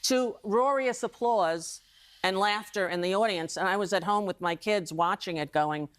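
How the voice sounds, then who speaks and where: A woman's voice: mid-range voice, moderate pace. A woman, talking emphatically with many restarts as a guest on a live TV interview. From New York. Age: 60s. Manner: emphatic, rambling, with frequent restarts.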